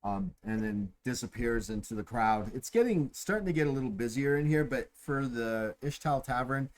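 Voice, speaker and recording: A man's voice: mid-range voice, expressive, moderate pace, low-quality recording. Chuckling male game master. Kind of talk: narrating a tabletop game.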